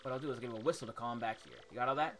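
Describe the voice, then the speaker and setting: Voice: medium pitch, very fast, background noise, lightly acted. A woman doing a cranky, bossy old creature elder. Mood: instructing. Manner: scolding, bossy, lecturing. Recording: game music behind.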